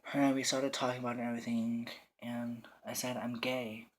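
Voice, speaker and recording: A teenage boy telling his own story in the first person, quiet, somber and plainly spoken. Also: mid-range voice, flat delivery, brisk. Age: teens. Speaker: storyteller recounting coming out.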